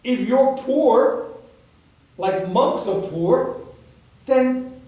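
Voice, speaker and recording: A man, a meditation teacher, telling a story in a dharma talk in a gentle, unhurried way. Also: extremely high pitch. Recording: echoey room, far from the mic.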